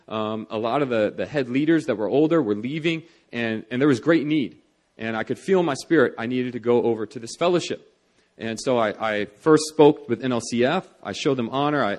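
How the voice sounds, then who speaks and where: A young adult man preaching a sermon in an earnest, conversational way, with many fillers and restarts as he tells a personal story. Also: medium pitch. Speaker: pastor.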